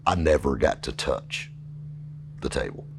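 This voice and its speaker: A man's voice: a bass voice, expressive, a little slow, noisy background. A middle-aged man telling a long story casually, rambling and folksy, with lots of fillers. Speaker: podcast host telling a story.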